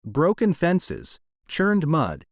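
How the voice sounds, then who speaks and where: A man narrating a romance audiobook in a dramatic, expressive storytelling manner. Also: fairly high pitch, extremely slow, no echo, studio quality.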